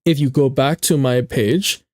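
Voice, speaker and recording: A man's voice: mid-range voice, unhurried, darkish tone, no echo, clean studio sound. A young man streaming casually, chatting playfully with his viewers and often repeating himself, with a stuffy nose. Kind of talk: casual livestream chat with viewers.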